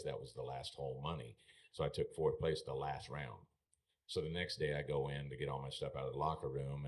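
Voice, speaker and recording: Man, middle-aged, very low voice, animated storyteller, podcast studio, faint room hum. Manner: animated storyteller, acts out quoted exchanges. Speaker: podcast guest, retired rodeo bullfighter. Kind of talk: casual storytelling.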